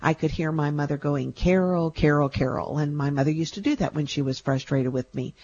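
A woman telling a personal story earnestly, with reflective pauses and wry humor. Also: sits low, steady tone, a little mellow, dull audio. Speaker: storyteller recounting a near-death experience.

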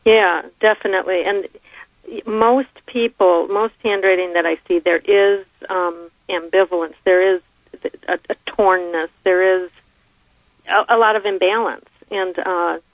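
A woman with a gravelly edge explains handwriting to a radio host with plain everyday examples. She comes through a thin, phone-like line. The sound is dry, with no room around it. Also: mid-range voice, steady tone, measured pace, no echo. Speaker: handwriting analyst guest.

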